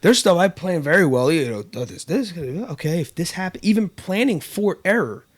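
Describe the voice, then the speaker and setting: A man's voice: high voice, big pitch swings, moderate pace. A man hosting a casual podcast chat, telling a story with lots of fillers and restarts. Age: adult with kids. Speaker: podcast host.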